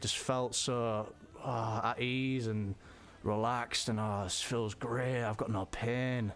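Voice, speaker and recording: A man telling a personal story in a halting way, often repeating words and restarting. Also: medium pitch, clear, resonant tone. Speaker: vlogger.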